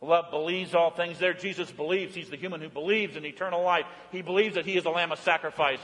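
A male preacher with a high, ringing voice delivers a sermon in a church. He moves from loud, emphatic calls down to soft, hushed tones. His voice carries a long reverb through the hall. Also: steady tone, fast talker, hardly any pauses. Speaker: pastor.

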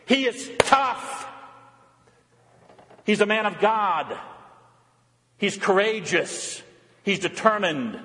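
A man's voice: sits high, lively intonation, slow, pauses often, fairly bright tone, big-room sound. A man preaching a Lent sermon, earnest and pleading, sometimes putting on mocking quoted voices. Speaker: pastor.

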